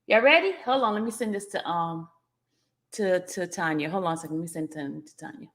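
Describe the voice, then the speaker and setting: A woman's voice: lowish voice, brisk, fairly bright tone. Playful woman greeting her livestream viewers. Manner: laughs often while teasing the audience. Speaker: livestream host. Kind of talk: casual livestream chat.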